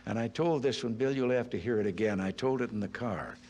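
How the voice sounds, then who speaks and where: A man telling jokes in a speech, in a relaxed, folksy storytelling manner, often chuckling at his own punchlines. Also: mid-range voice, a little fast, slight background noise. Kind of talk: anecdotal speech.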